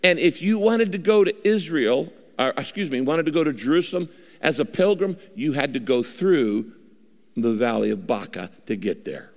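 A man preaches a sermon in a fairly high voice, leaning on dramatic pauses and swings of pitch. His words carry a long reverb, as in a big church auditorium. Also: darkish tone. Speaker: pastor.

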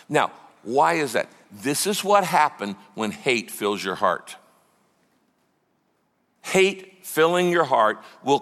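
A man preaching a sermon as pastor, animated and conversational, acting out the voices of the people in his story. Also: a little high, long reverb tail. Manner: lively preaching, acts out quoted voices.

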